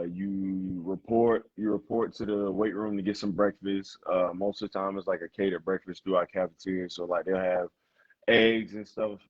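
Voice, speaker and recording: A man's voice: sits low, no room sound, lo-fi sound. A young man from South Carolina, a college football player talking casually as an interview guest, rambling with lots of "you know" and "like". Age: young adult. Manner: relaxed, rambling, full of fillers like "you know" and "like".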